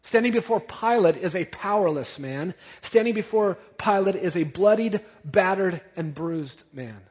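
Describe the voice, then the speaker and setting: A husky, fairly high-voiced male pastor preaching an expository sermon and stacking up emphatic repeated phrases. His voice carries a long reverb through a church hall, and the recording sounds dull. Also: lively intonation, moderate pace, a little mellow. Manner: emphatic, building repetition.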